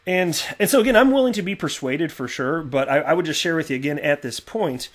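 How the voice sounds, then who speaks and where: A man hosting a casual commentary video, chatty and animated with lots of fillers and restarts. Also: fairly high pitch, brisk. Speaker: crypto video host. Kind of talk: casual commentary reading tweets.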